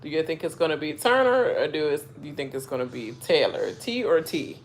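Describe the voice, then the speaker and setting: A woman's voice: sits low, expressive, fairly quick. A woman chatting casually on a live reaction stream, rambling with lots of fillers and asides. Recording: faint background noise.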